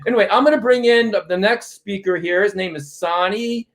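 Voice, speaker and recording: A man hosting an online tech conference, excitable and rambling, with lots of fillers between his words. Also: high-pitched, brisk. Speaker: conference host. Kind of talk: casual live-stream hosting.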